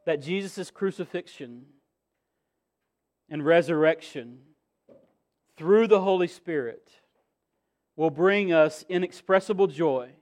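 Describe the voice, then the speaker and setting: A man in his thirties preaching a sermon as pastor, earnest, repeating key phrases and building emphasis. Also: a little high.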